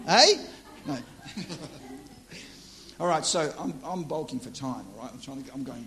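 A man's voice: on the high side, expressive, moderate pace, long pauses, a little mellow. A man preaching live to a church audience, teaching on dreams in a joking, conversational, self-deprecating way.

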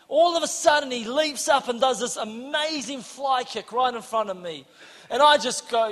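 Male preacher, very high bright voice, animated storytelling, shouts for emphasis, long hall reverb. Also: moderate pace. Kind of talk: sermon with storytelling.

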